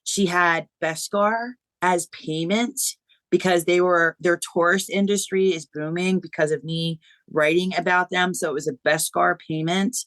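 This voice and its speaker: A woman guest author on a podcast, telling a story in an animated, emotional way. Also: fairly low pitch, unhurried, no echo. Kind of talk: podcast interview.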